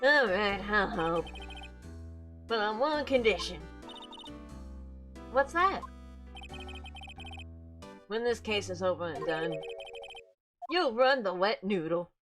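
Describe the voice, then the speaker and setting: A woman doing a loud rambling old man. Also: medium pitch, lively intonation, slow, pauses often. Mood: bargaining. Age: older. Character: eccentric rambling old man, doting father figure. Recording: game music behind. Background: game music.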